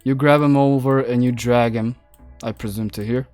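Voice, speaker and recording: Deep-voiced, laughing woman game master. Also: steady tone, normal speed, a little mellow, no room sound, faint music behind. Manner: laughs often while narrating. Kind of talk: narrating a tabletop game.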